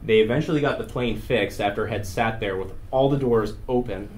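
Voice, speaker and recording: A man's voice: fairly low pitch, brisk, darkish tone. A man giving a photography talk to an audience in an art gallery, telling wry, humorous stories and laughing along with them. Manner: wry, laughs through his own stories. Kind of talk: humorous storytelling presentation. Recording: noisy room recording.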